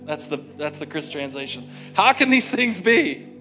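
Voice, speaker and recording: A man preaching a sermon as pastor, retelling scripture in a lively, conversational way with slang. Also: a little high, moderate pace, soft background music.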